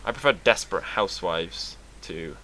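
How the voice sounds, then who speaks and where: A young British man from England talking to camera in a casual, rambling vlog, sarcastic and quick to swear. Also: deep voice, sharp tone. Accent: British English. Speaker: vlogger.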